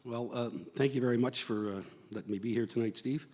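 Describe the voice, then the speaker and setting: A man from Cape Breton running for mayor talks in a folksy, halting way, with plenty of fillers. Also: medium pitch, steady tone, darkish tone. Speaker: mayoral candidate. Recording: long reverb in a convention hall.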